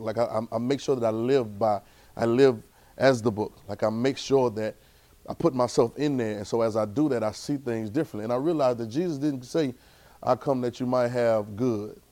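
A man preaching a sermon to a Bible class, colloquial and calling out to his listeners, rising to loud exclamations. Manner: rising to loud, high-pitched exclamations for emphasis; colloquial, calls out to the audience.

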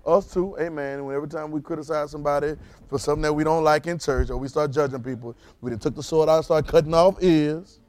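A man preaching a sermon in an animated, repetitive way, calling on the congregation to repeat his words and rising into loud emphatic bursts. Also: a little high, fast talker, hardly any pauses. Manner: calls on congregation to repeat phrases.

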